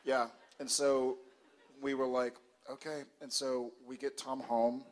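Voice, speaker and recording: Soft-spoken man telling a family story. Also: medium pitch, little pitch movement, takes it slowly. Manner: soft, laid-back, understated delivery. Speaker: convention panel guest. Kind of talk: storytelling to an audience. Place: large convention hall with audience.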